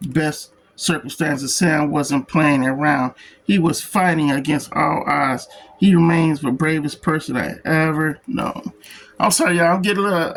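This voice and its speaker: A man with a voice on the high side reviews a comic book and reads its printed text aloud. His reading is slow and halting, stumbling over words and starting them again. The recording is rough.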